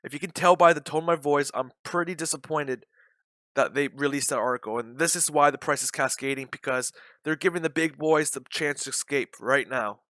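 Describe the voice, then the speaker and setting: A man's voice: a little high, brisk, pushed and bright, dry recording. A man giving live commentary on a day-trading stream, blunt and repetitive, openly frustrated.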